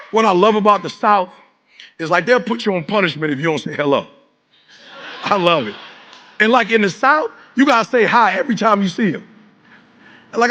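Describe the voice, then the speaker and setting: A man from Detroit giving a live motivational speech to a room, leading call-and-response chants and rising to shouted exhortations. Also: a little high, slight background noise. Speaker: motivational speaker.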